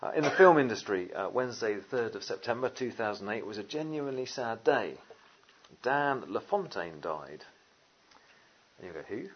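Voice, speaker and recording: A man preaching a sermon, lively and conversational, with jokey asides and many fillers. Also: medium pitch, moderate pace, muffled recording, slight background noise. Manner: animated, jokey asides, frequent "uh" and "you know".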